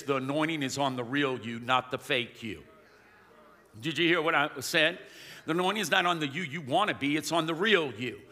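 A man preaching a sermon as pastor, calling to the congregation and rising to shouts. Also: on the high side. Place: large church hall. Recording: long hall reverb.

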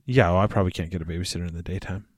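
A man co-hosting a casual podcast chat, relaxed and quick to laugh, often restarting his sentences. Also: low-pitched, dry recording, clean studio sound. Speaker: podcast co-host.

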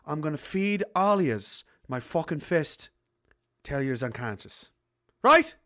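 Guy putting on a grumpy canadian dad, slow drawl, calm menace, bright lively voice. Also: on the high side. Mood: menacing. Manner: slow, drawling threats with "yous". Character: gruff middle-aged Canadian dad, calm but menacing.

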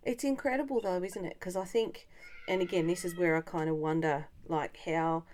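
A woman's voice: fairly low pitch, steady tone, moderate pace, darkish tone, a little hiss or hum. A woman co-hosting a casual conversation, thinking aloud in a reflective way. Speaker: podcast co-host.

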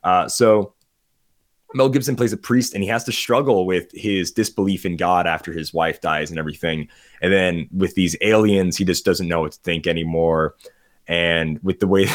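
A man chatting casually on a podcast about movies he watched, rambling, getting sidetracked and laughing often. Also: deep voice. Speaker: podcast host. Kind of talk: casual movie review chat.

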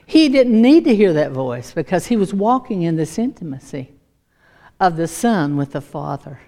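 Female preacher, sermon delivery, emphatic and repetitive, slightly low pitch. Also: sing-song, normal speed, warm tone. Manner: emphatic, repeats key lines.

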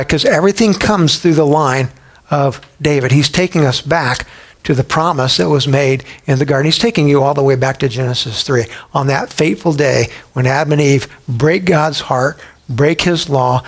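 This sermon comes from a male pastor whose pitch is slightly raised and whose pace is moderate. He repeatedly asks rhetorical questions to push his points, urging his audience with emphatic delivery.

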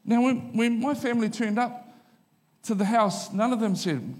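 High-voiced New pastor in a hall. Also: male voice, moderate pace, a little mellow, a little hiss or hum. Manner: conversational and joking, with repeated punchlines. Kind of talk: sermon. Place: church auditorium.

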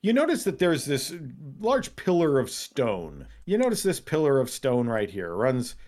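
A man narrating as game master of a tabletop role-playing game, telling the scene vividly with sudden jumps in pitch. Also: wildly swooping pitch, a little slow, a little mellow.

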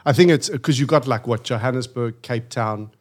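A South African man talking on a comedy podcast in an average-pitched voice. He tells stories with animated swings and plenty of swearing, keeping the tone loose and conversational. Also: moderate pace. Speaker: comedian guest. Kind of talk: casual podcast chat.

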